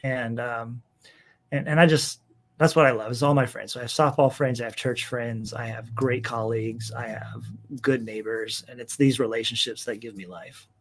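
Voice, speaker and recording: A man's voice: mid-range voice, steady tone, moderate pace. A man, a pastor and author, talking earnestly as a guest in a casual interview, listing things he loves.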